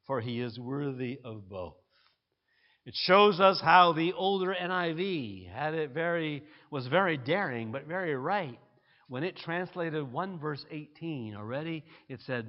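A man preaching a sermon, emphatic and climbing to loud peaks on key points. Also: a little high, expressive, measured pace. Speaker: pastor. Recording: muffled sound with long hall reverb.

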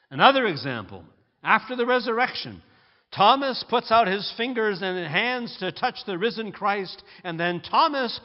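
A man preaching a sermon, emphatic and climbing to loud peaks on key points. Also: high voice, very animated, moderate pace. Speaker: pastor. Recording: muffled sound with long hall reverb.

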